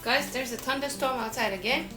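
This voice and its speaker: A woman's voice: high-pitched, fairly quick, music in the background. A woman from Northeast India, a food vlogger chatting casually while she cooks and eats, who often ends lines with "okay?". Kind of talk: casual cooking and mukbang chat.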